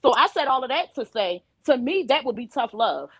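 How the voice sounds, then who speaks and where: A woman's voice: high voice, fairly quick, breathy edge, no room sound, low-quality recording. Storytelling mother on a panel, dry close sound. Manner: animated storyteller who acts out quoted dialogue. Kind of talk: casual panel discussion.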